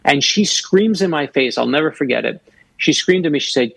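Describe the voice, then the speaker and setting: A man's voice: a little high, lively intonation, brisk, creaky, a bit bright, dry recording, low-quality recording. A man in his fifties from Florida, a guest author telling personal stories in a radio interview and acting out the voices he quotes. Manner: earnest storyteller who acts out quoted voices.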